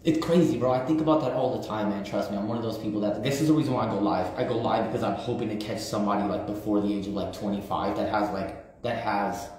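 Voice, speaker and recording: A man's voice: lowish voice, quick pace, few pauses, darkish tone, a little hiss or hum. A man in his thirties talking casually on a livestream, blunt and profane, with street slang and lots of repetition. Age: 30s. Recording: very echoey room.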